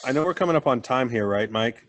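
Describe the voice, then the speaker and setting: A man's voice: medium pitch, expressive, fast talker, a bit bright, no room sound. A man hosting a casual podcast chat, laid-back and steering the show toward its wrap-up. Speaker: podcast host.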